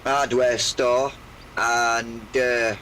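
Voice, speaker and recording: Slow-talking older man, croaky. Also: mid-range voice, little pitch movement, bright, forceful tone, slight background noise, low-quality recording. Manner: rambling, hesitant, full of pauses. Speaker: game streamer. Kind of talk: relaxed live gameplay chat.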